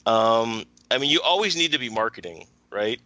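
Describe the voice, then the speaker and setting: Bright-voiced man explaining marketing. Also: medium pitch, big pitch swings, moderate pace, dry recording, lo-fi sound. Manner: thoughtful, explanatory, frequent "um" and "right?". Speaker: marketing teacher and podcast guest. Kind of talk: casual podcast interview.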